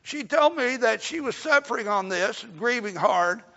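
An older man preaching a sermon in a folksy way, swelling to shouts and dropping to a hush. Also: extremely high pitch, animated, moderate pace. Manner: folksy, rising to shouts then dropping soft. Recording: dull lo-fi recording in a reverberant hall.

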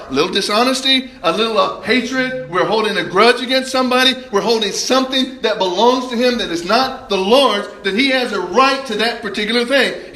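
A man preaching a sermon, his voice pitched high and bright. He presses key points with rising emphasis and pauses. The sound rings around an echoey church room.

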